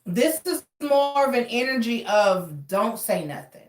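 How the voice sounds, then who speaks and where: Frank, cursing tarot reader, roomy sound. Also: female voice, fairly high pitch, big pitch swings, unhurried, far from the mic. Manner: frank, cursing, calls listeners baby. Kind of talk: casual tarot reading. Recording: roomy, away from mic.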